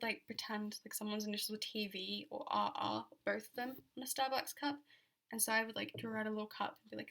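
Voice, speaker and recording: A woman's voice: fairly high pitch, vocal fry, bright, forceful tone. A young Australian woman giving a chatty exam revision lecture, full of fillers and repeated key points.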